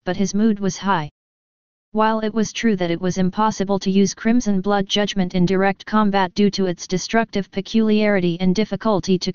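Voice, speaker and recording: A woman narrating a web novel audiobook in an even, steady reading voice. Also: mid-range voice, clear, resonant tone, no room sound, dull audio. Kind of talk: scripted narration.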